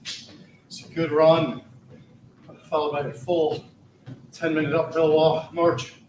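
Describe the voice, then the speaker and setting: A man's voice: a little high, level tone, slow, a little mellow, a little hiss or hum. A man streaming his treadmill workout, out of breath, talking between efforts. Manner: breathless, off-key singing between short workout remarks. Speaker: fitness streamer. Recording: roomy sound from a distance.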